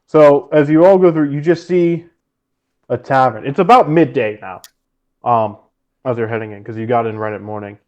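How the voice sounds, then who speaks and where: A man running a tabletop game as game master, narrating in an animated, rambling way. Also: medium pitch, normal speed, muffled recording.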